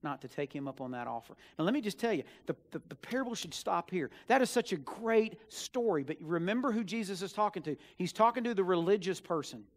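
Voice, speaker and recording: A young man with a notably high voice preaches to a congregation, earnest and pleading. He pushes hard on key words and then drops to hushed asides. The sound is a church sermon. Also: expressive, brisk, few pauses. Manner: earnest, pleading, swings between loud emphasis and hushed asides. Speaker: student minister. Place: church sanctuary.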